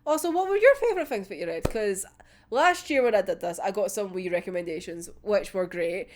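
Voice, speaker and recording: A woman's voice: medium pitch, expressive, fairly quick, a little hiss or hum. A young woman chatting casually to her viewers in a vlog, laughing often and swearing now and then. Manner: uses local words like wee and yous. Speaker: YouTube creator.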